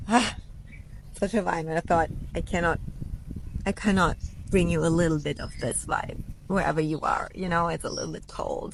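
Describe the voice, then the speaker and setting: A woman's voice: fairly low pitch, fairly even intonation, normal speed, vocal fry, a little hiss or hum. Effusive woman coach greeting live viewers. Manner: effusive, greets viewers by name, swears freely. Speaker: business coach hosting a live stream. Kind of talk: casual live-stream chat. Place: outdoors by a pool.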